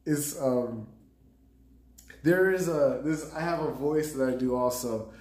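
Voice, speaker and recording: A man's voice: medium pitch, slow, a little mellow. Chatty streamer man in an echoey room. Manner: rambling, laughs often, talks to chat. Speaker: streamer and stand-up comedian. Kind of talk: casual live-stream chat. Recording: roomy echo.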